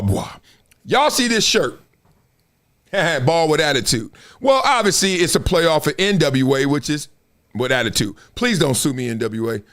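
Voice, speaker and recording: A middle-aged man from Compton, hosting a livestream and telling stories in slangy, animated talk. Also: on the high side. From Compton, Los Angeles. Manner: storytelling, slangy, acts out others' voices. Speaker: host.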